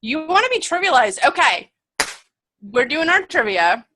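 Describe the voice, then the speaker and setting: A young woman co-hosting a podcast and running a trivia game, teasing her partner with quick comebacks. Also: high-pitched, sing-song, background noise. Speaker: podcast co-host, trivia quizmaster. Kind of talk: casual chat.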